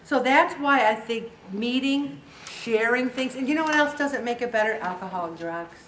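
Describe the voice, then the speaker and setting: A woman who runs a weight loss support group talks in a chatty, joking manner, mimicking the voices of those she quotes. Her voice is a little high and fairly bright, at normal speed, picked up from a distance in an echoey meeting room with the group present and slight background noise.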